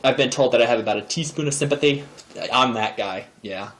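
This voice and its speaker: A man's voice: mid-range voice, fairly quick, fairly bright tone. A man in his thirties talking to camera in a casual, rambling, self-deprecating comic monologue. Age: 30s. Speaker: vlogger host. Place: indoor room, seated in a chair. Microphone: camera propped in a desk drawer.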